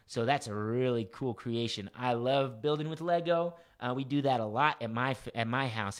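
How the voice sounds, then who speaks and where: A man hosting a live-streamed kids' music show, talking gently and encouragingly to children. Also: medium pitch.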